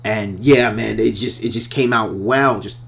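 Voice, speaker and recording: A man's voice: fairly low pitch, a little slow, creaky, very noisy. A filmmaker talking casually and enthusiastically to his viewers, often repeating himself as he explains how a scene was made. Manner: enthusiastic, repetitive, talks to viewers directly. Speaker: filmmaker reviewing his own trailer. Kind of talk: casual video commentary.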